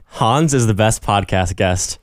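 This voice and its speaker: A young man co-hosting a casual podcast, reading listener submissions aloud in a relaxed manner. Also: on the low side, unhurried, no echo, studio quality. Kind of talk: casual chat.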